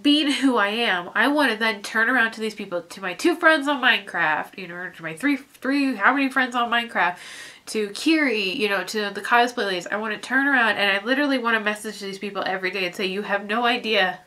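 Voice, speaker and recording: A young woman with a bright, clear voice talks straight to her viewers in a personal vlog. She is teary and keeps trying not to cry, and her sentences stop, restart and trail off. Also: fairly high pitch. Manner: halting, heartfelt, many restarts and fillers. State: teary, fighting back tears. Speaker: vlogger.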